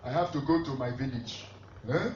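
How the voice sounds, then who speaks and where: A man, preaching a fervent sermon with shouted bursts and calls to the congregation. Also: medium pitch, normal speed, slight background noise. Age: 50s. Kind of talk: impassioned sermon. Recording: echoey hall, distant dull mic.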